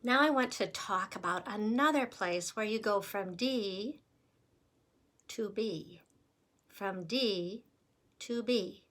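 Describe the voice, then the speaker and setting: Slow, bright-voiced woman music teacher. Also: mid-range voice. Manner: patient, encouraging step-by-step instruction. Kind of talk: recorder lesson.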